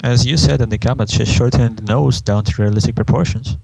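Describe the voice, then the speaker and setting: A man's voice: medium pitch, brisk, creaky, darkish tone, dry recording, poor audio. A man co-hosting a casual podcast chat, wry and playful. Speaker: podcast co-host.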